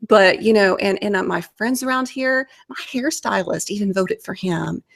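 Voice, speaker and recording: A woman's voice: mid-range voice, moderate pace, vocal fry. Southern woman hosting, earnest and repetitive. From Alabama, US. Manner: earnest, frequent repeated words and laughs. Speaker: podcast host. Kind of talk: casual conversational interview.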